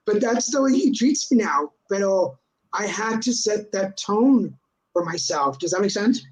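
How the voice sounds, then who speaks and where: A man's voice: sits high, animated, moderate pace, rough recording. A man hosting a live video chat, telling a funny story in a sarcastic, joking way and dropping in Spanish words. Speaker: host. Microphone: video call.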